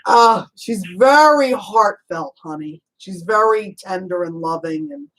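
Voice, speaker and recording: Poor audio captures a woman of medium pitch, sounding animated, as she does a casual reading as a psychic medium. Chatty and warm, she drops "honey" and "you know" often, laughs a lot, and quickly pokes at details with questions.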